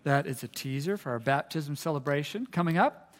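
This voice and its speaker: A middle-aged man preaching a casual, humorous sermon as pastor, chatty and self-deprecating with halting restarts. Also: on the high side, expressive. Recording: long reverb of a church hall.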